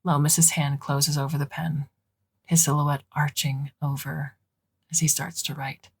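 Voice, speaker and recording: A woman reading a short story aloud as a podcast narrator, in an unhurried, deliberate way with soft, hushed line endings. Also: deep voice, level tone, gravelly, husky.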